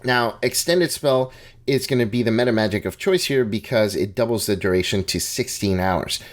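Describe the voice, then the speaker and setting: With a fairly low voice at normal speed, a man of Hispanic background chats his way through a tabletop game guide. He restarts often, adds hedging asides, and laughs at himself.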